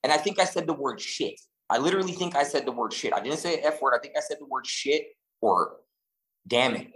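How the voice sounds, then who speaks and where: Guy on a podcast ranting thru a story, swears a lot, trips over his words, middle pitch. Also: brisk, low-quality recording. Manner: animated, profane, rambling with restarts. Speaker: podcast co-host. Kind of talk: casual storytelling chat.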